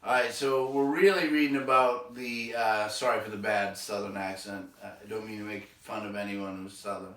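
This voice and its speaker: A man's voice: fairly low pitch, fairly even intonation, normal speed, hardly any pauses, a bit bright, distant mic. A man with a Boston accent, a teacher, reading a textbook chapter aloud and dropping in wry, sardonic asides. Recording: echoey room, voice off-mic.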